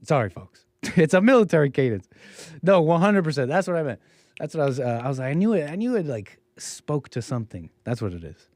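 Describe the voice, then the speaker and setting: Male live-stream host, sarcastic and rambling, slightly raised pitch. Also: very animated, brisk, a little mellow, dry recording, clean studio sound. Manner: rambling, sarcastic, restarts often. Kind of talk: casual live-stream commentary.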